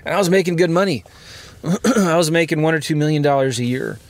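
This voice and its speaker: A man's voice: a little high, a little fast. Man confessing on his podcast from a car. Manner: earnest, rambling and confessional, with frequent fillers. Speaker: podcast host. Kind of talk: candid podcast monologue. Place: inside a car.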